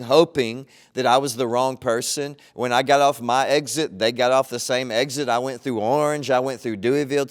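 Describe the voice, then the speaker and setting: A man, a pastor, preaching a sermon in a conversational, storytelling way. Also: medium pitch.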